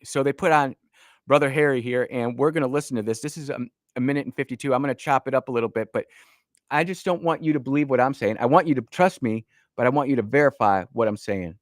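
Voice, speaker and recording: A man hosting a political talk radio show from the studio. He talks in a folksy, emphatic way, stumbling and restarting often, at an ordinary middle pitch. The sound is dry and close, with no room to it. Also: fast, no room sound. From Northern Illinois.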